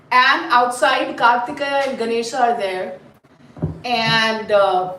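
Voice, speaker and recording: A woman with a high voice tells a story to children in a lively, animated way, stopping often to quiz her listeners. The room is echoey, she stands back from the mic, and faint background noise runs underneath. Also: recorded from a distance. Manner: animated, asks the audience questions. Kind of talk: live storytelling class.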